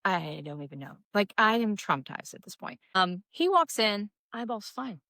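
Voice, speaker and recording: Animated woman telling stories. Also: moderate pace, dry recording, clean studio sound. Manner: animated, acts out quotes with big pitch jumps. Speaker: nurse practitioner telling ER stories. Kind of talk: casual storytelling chat.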